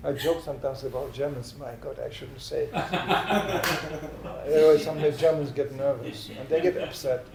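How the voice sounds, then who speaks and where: A man's voice: medium pitch, moderate pace, vocal fry, over a noisy crowd. Older man preaching in echoey hall. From Czechoslovakia. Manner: animated storyteller, acts out comic voices. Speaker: spiritual teacher. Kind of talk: humorous sermon. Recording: roomy hall echo.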